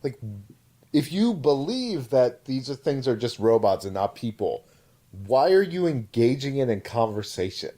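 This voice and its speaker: A man's voice: medium pitch, very animated, normal speed, dark tone. A man co-hosting a podcast in casual comedic chat, retelling things animatedly and mimicking people he quotes. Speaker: podcast co-host.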